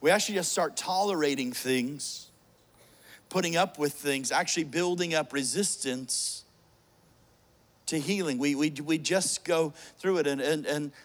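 A man's voice: a little high, moderate pace. A middle-aged man preaching a sermon, telling a funny personal story with jokes and many restarts. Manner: joking, storytelling, frequent restarts.

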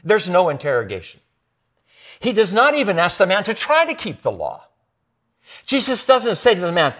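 Male pastor, sermon delivery; high, lively voice that sinks to near-whispers for emphasis. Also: normal speed, pauses often. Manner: expressive preaching with dramatic soft drops.

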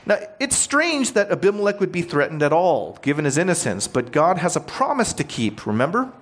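A male preacher delivers a relaxed, conversational sermon and explains the text in plain words. His voice sits a little high for a man. It swings up and down with animated inflection. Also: brisk. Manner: explains scripture plainly, asks the listeners questions.

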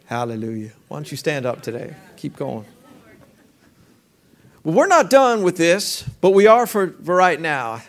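A man's voice: a little high, big pitch swings, unhurried. A man preaching a sermon as pastor, talking conversationally with rhetorical questions and leading the congregation in call-and-response.

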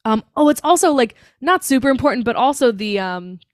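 A woman's voice: on the high side, expressive, brisk, dry recording, clean studio sound. A young woman co-hosting a podcast, recapping a film in casual chat with sarcastic asides and lots of fillers. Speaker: podcast co-host.

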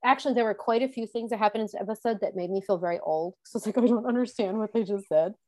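A woman's voice: mid-range voice, fast talker, no echo. Woman chatting about a tv show, laughs a lot, dry close sound. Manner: chatty, animated, laughs often. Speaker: co-host. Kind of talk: casual chat recapping a TV show.

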